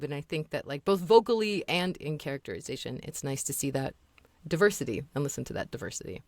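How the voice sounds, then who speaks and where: A woman's voice: low voice, no room sound. Chatty woman voice actor, dry sound. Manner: animated, fast, full of fillers. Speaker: guest voice actor and audiobook narrator. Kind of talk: casual podcast conversation.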